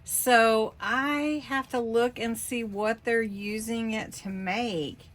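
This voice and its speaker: A woman hosting a craft channel, casually opening mailed craft cards and thanking senders with warm, gushing praise. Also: on the high side, steady tone, takes it slowly.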